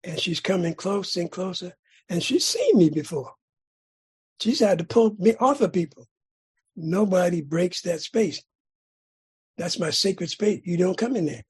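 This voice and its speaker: Very raspy man telling his story. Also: high voice, animated, unhurried, long pauses. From California. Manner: dramatic storyteller, repeats phrases for emphasis. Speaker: speaker at a recovery meeting. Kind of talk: personal recovery story share.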